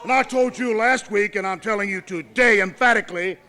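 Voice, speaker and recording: Man, wrestling manager, pompous, commanding, high voice, bright tone, old TV broadcast. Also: fairly quick. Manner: pompous and commanding, rising to shouted threats. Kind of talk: wrestling promo speech. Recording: 1980s television broadcast.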